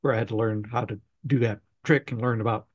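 A man hosting a podcast interview, telling a relaxed anecdote from his research. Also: mid-range voice, a little fast, no echo, highs cut off. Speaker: podcast host, mystery author. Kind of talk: conversational interview.

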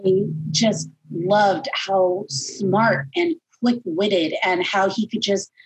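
A chatty woman comedian with a husky, slightly rough voice. She talks loosely and laughs easily, sometimes drifting away from the mic. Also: medium pitch, slow, poor audio. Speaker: guest comedian. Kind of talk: casual conversation.

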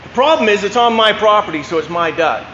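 A man's voice: sits high, expressive, fast, fairly bright tone, lo-fi sound, a little hiss or hum. A man voicing a stubborn old farmer with a Maine accent, drawling and dryly teasing, in an echoey church hall. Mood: sly.

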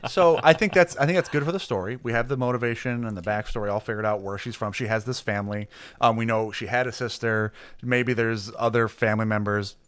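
A man's voice: on the low side, steady tone, quick pace, a bit bright. A man acting as game master, talking through a character's backstory in a loose, rambling way with lots of fillers. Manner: rambling, filler-heavy, laughs easily. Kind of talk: casual tabletop planning chat.

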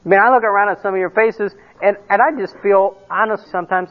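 A middle-aged male pastor preaches in a high, very lively voice. He acts out quoted conversations and drops asides. The sound is tinny, like a phone line. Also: fast talker, hardly any pauses. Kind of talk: sermon.

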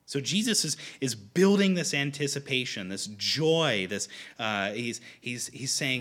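Male preacher, lively pitch, bright tone, conversational, frequent restarts. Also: measured pace, hardly any pauses. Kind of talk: sermon.

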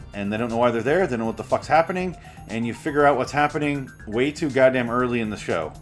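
A man ranting casually about movies in a sarcastic, profane monologue, recorded at home. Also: fairly low pitch. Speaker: author reading and commenting on his book.

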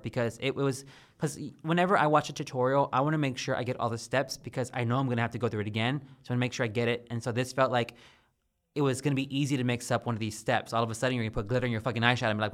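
A man's voice: medium pitch, steady tone, rapid-fire, a bit bright. A man co-hosting a casual chat podcast, rambling and candid, swearing casually. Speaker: podcast co-host.

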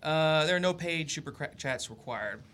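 A man's voice: fairly high pitch, animated, normal speed, fairly bright tone, a little hiss or hum. A man working as a livestream assistant, casually reading out call-in rules with many hesitant fillers.

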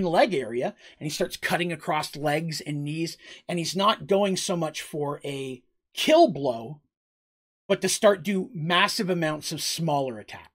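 Game master narrating combat blow by blow. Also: mid-range voice. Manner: vivid, blow-by-blow combat storytelling with frequent restarts. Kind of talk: improvised narration of a tabletop game.

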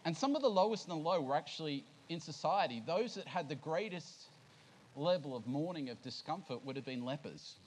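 A man's voice: fairly high pitch, lively intonation, brisk, slight background noise, low-quality recording. A man preaching a sermon to his congregation, speaking casually and putting questions to the listeners. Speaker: pastor. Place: church service.

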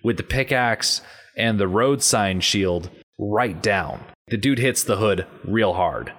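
Lively man recapping a movie. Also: on the low side, slow pace. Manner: animated, playful storytelling. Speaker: podcast co-host. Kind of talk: casual movie commentary.

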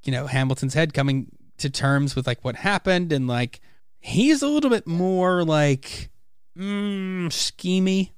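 A man's voice: fairly high pitch, lively intonation, measured pace, smooth, no room sound, clean studio sound. A man hosting a casual podcast about comics, animatedly retelling scenes and acting out the characters' lines. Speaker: podcast host. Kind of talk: casual comic book discussion.

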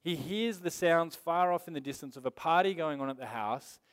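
Man, pastor, sermon, conversational and emphatic, fairly high voice. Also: moderate pace, clear, resonant tone.

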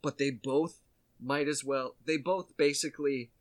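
Man, casual comedy host, rambling and jokey, even middle pitch, slips into quick put-on voices when telling a story.

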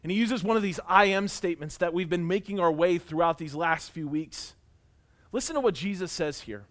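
A male pastor preaching a sermon and telling a personal story, earnest, rising to loud emphasis and dropping to quiet intensity. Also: sits high, fairly quick.

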